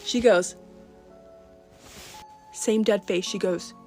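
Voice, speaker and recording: A woman casually telling a personal story about a lucid dream, in a relaxed, chatty way. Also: mid-range voice, slow, faint music behind.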